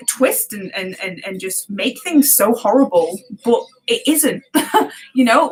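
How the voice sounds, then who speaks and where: A British woman in a casual live-stream chat, her voice sitting a little high. She talks passionately and at length, laughing often and tripping over her own restarts. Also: poor audio. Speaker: live-streaming reaction YouTuber.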